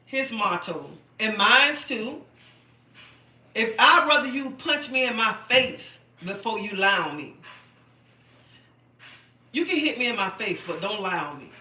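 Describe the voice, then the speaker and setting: A woman's voice: on the high side, pushed and bright, echoey room, distant mic. A middle-aged woman chatting on her live stream, emphatic and repetitive, often checking in with "okay?". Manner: chatty and emphatic, repeats herself, keeps asking "okay?". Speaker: livestream host. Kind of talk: casual live-stream chat.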